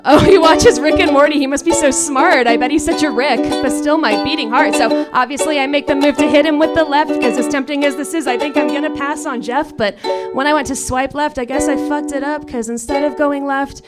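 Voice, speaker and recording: A woman in her late twenties with a high voice half-sings a wry, profane comic story. Bright ukulele strumming runs under her the whole time on a live saloon stage. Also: fairly even intonation, fairly quick, loud music behind the voice. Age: late 20s. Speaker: comedic singer-songwriter. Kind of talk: comedic storytelling song with spoken asides. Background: her own ukulele accompaniment.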